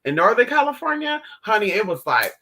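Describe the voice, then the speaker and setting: A man hosting a casual livestream, answering viewer chat in a sassy, animated way, calling his viewers honey and swearing freely. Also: sits high, brisk, a little hiss or hum. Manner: theatrical outbursts while retelling stories.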